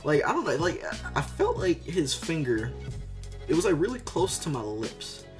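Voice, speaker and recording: A man's voice: a little high, moderate pace. Young man rambling through a story. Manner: rambling, filler-heavy, animated storytelling. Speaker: vlogger. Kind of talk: casual storytime. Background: background music.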